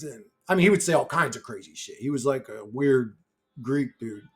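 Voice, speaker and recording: A man's voice: mid-range voice, animated, normal speed. A man telling a rambling personal story to camera in a brash, profane way. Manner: brash, heavy swearing, rambling. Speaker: YouTuber. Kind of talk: casual storytelling.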